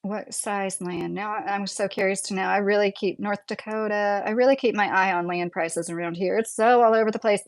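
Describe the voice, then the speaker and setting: A woman with a Midwestern accent talks in a loose, rambling way as she hosts a livestream. She sits at a mid pitch for a woman, answers chat messages as they come, and laughs easily between her thoughts. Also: steady tone, fairly quick, hardly any pauses. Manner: chatty and rambling, laughs often. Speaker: livestream host reading chat.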